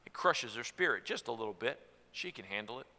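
A man, from Tennessee, preaching a sermon about marriage in an earnest way, going from soft to loud. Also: mid-range voice, expressive, a little fast, vocal fry, big-room sound.

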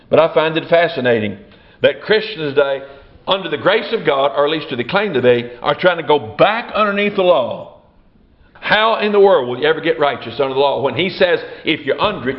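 A man preaching a sermon, repeating his phrases and slowing down for emphasis. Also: a little high, dull audio.

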